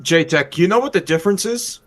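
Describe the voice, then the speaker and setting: A man's voice: high-pitched, expressive, a little fast, a bit bright. A man co-hosting a reaction stream, blunt and swearing freely. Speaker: stream co-host. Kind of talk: casual reaction stream chat.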